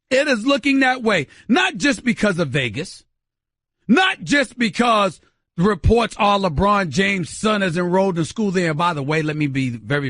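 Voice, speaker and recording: Middle-aged male radio host from New York, high bright voice, booming theatrical rants that hammer every point. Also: no room sound, studio quality. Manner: loud, shouting, emphatic and theatrical; repeats phrases for emphasis, addresses "ladies and gentlemen". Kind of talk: sports talk radio monologue.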